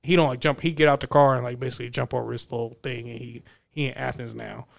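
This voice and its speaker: A young man in casual chat, recapping a movie plot in a rambling, profane, animated way. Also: mid-range voice, fast, creaky. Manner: profane, animated storytelling with acted-out quotes.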